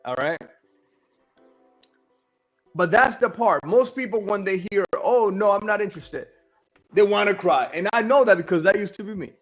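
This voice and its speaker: High-pitched guy talking business, blunt and punchy, keeps saying dude, faint music under it. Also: lively intonation, normal speed, long pauses. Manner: blunt, emphatic, repeats "all right?" and "dude". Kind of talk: casual business chat.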